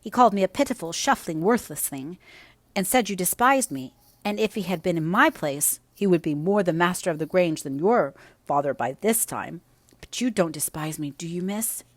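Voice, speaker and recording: Woman reading sickly teen boy, whiny, self-pitying, raised pitch, audiobook. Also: expressive, moderate pace, no room sound. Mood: pleading. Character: sickly peevish whining teenage boy.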